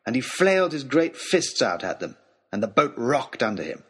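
A man telling a storybook adventure in the first person, reading with expressive, dramatic delivery. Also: medium pitch, normal speed, breathy edge. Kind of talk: scripted first-person narration.

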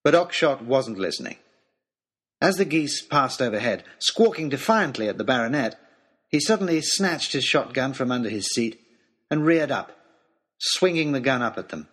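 A man telling a storybook adventure in the first person, reading with expressive, dramatic delivery. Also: medium pitch, moderate pace. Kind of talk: scripted first-person narration.

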